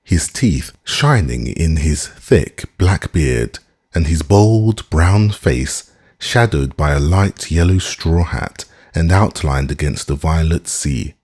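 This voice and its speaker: A male audiobook narrator with a very deep, slightly husky voice reads a scripted text in a measured, expressive way.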